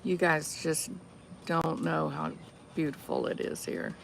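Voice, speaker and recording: Gravelly, slow-talking woman vlogging outdoors. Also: low-pitched, animated, a little hiss or hum. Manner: chatty, unhurried, talks to viewers and to her dog. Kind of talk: casual morning vlog chat. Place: outdoors by the water at sunrise.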